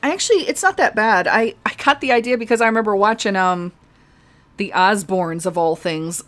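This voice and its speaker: A woman's voice: lowish voice, a little fast, a bit bright. A woman streaming a game live, chatting casually and rambling, laughing often. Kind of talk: casual chat over gameplay.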